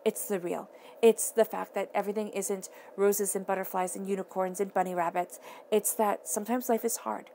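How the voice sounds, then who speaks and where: Earnest woman tarot reader, gravelly fry. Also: medium pitch, darkish tone, a little hiss or hum. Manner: earnest, repeats and restates phrases; emphatic, talks straight to the listener. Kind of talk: casual tarot reading to camera.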